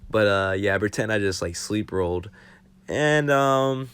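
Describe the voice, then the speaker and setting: A man's voice: on the low side, lively intonation, measured pace, a bit bright, clear, resonant tone. A young man telling a casual storytime for his vlog, rambling and swearing freely with lots of fillers. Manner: rambling, profane, full of fillers. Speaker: vlogger.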